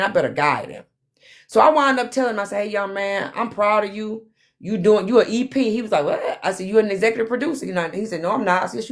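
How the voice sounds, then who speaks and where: A middle-aged woman, hosting a live stream and telling a story in a casual, animated way, acting out other people's lines in different voices. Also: medium pitch.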